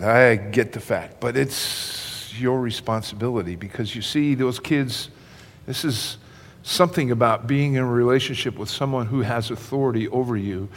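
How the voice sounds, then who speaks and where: Older male pastor preaching in a reverberant hall. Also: mid-range voice. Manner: conversational, addresses congregation directly. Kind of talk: sermon.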